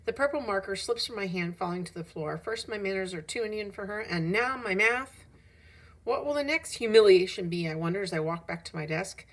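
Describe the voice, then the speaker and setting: A woman reading a children's novel aloud in a lively, animated storytelling manner, rising with emphasis at dramatic moments. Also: mid-range voice, brisk. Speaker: audiobook reader.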